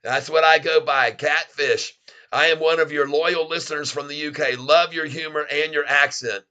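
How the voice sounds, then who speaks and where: A man from Florida with a Southern accent, hosting a live stream and chatting with viewers in an excitable, effusive way. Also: a little high, normal speed, clear, resonant tone. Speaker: livestream host. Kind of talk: casual live stream chat.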